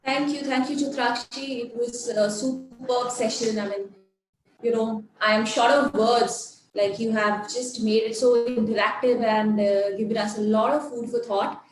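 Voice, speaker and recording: Woman hosting a webinar, lots of ums, slightly high voice, echoey room. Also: steady tone, measured pace. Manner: hesitant, with many fillers. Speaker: workshop host. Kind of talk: hosting an online workshop. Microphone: video call. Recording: roomy audio with faint noise.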